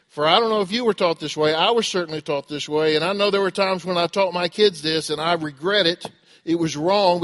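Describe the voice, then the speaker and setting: A man's voice: a little high, fairly bright tone. A middle-aged man preaching a sermon, asking the congregation questions and acting out the voices he quotes. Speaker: pastor.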